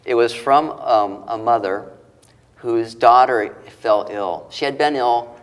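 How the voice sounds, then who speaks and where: A man's voice: mid-range voice, slow pace. A male author and interview guest who retells moving stories, acting out the quoted voices and getting choked up. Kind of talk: emotional storytelling interview.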